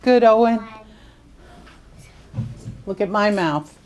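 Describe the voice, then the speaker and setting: A woman teaching young students phonics in a school classroom, drawing words out slowly and asking coaxing questions. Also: medium pitch, darkish tone. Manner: slow, drawn-out, coaxing questions.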